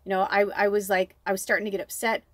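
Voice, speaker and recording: A woman's voice: mid-range voice, level tone, quick pace, fairly bright tone, no echo. A woman working as a psychic medium gives a casual spiritual card reading to her viewers. She rambles in a heartfelt way, filling her talk with "like" and "you know" and swearing now and then.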